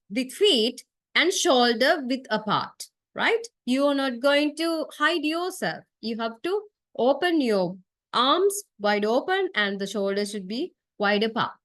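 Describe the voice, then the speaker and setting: A woman's voice: sits high, a bit bright, no room sound. A woman lecturer giving a classroom lecture, explaining step by step and checking in with "okay?" and "right?". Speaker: university lecturer.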